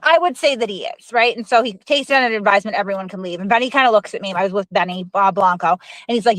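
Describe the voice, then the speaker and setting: A woman's voice: fairly high pitch, animated, quick pace, hardly any pauses, no room sound, poor audio. A woman telling a heated, profane story to an interviewer and acting out what each person said. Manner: heated, profane, mimics others' lines.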